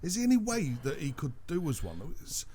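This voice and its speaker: Joking, swearing host. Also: male voice, on the high side, huge pitch swings, fairly quick, dark tone, breathy edge. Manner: swearing, laughing, teasing. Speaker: podcast host. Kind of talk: casual banter.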